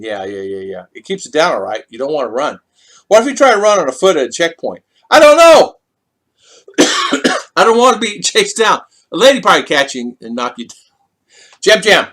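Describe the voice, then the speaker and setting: Chatty middle-aged man with lively pitch. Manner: rambling and repetitive, with many restarts. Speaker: livestream host reading viewer comments. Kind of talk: casual livestream chat.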